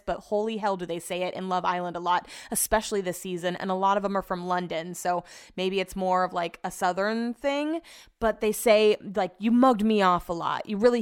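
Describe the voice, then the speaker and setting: A woman's voice: mid-range voice, smooth. A woman hosting her podcast alone, rambling in casual chat and swearing now and then. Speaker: podcast host.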